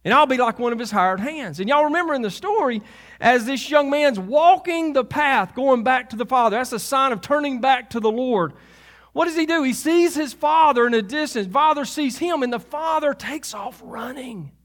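A man's voice: very high-pitched, normal speed. A man preaching a sermon as pastor, conversational, with asides and laughs at himself.

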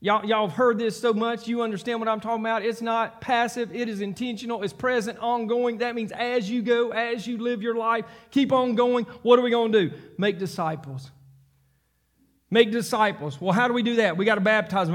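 Fervent high-voiced preacher. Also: male voice. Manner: fervent preaching, rising to near-shouts. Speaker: pastor. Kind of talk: sermon.

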